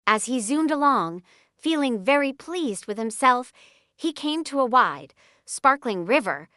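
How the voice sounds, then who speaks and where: A woman narrating a children's storybook in an expressive, animated way. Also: sits high, a little slow, dry recording, clean studio sound.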